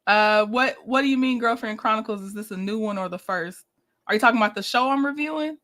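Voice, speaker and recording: A woman's voice: a little high, fast, fairly bright tone. A woman hosting a casual livestream, chatting with viewers, greeting them by name and laughing often as she reviews a reality show.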